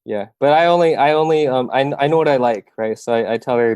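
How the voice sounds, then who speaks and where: A man's voice: medium pitch, a little fast, hardly any pauses, a little mellow, clear, resonant tone, no echo. A young man from Iowa telling his story as an interview guest, earnest and heartfelt, with many fillers and restarts.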